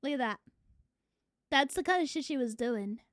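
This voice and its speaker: A woman's voice: high-pitched, lively intonation, moderate pace, a bit bright, no room sound, clean studio sound. A young adult woman streamer chatting casually to her viewers, swearing freely. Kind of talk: casual live-stream chat.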